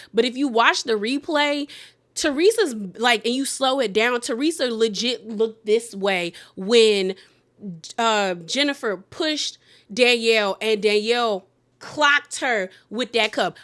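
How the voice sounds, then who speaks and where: Chatty woman recapping reality TV. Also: fairly high pitch. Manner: animated, acts out quotes of cast members; slangy, many fillers like "like". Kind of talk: casual show recap.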